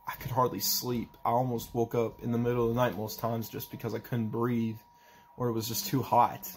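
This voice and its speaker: A young man talking in a personal vlog, halting and emotional as he tries not to cry, with a faint hiss behind him. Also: medium pitch, flat delivery. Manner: halting, emotional, restarts often. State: holding back tears. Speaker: vlogger.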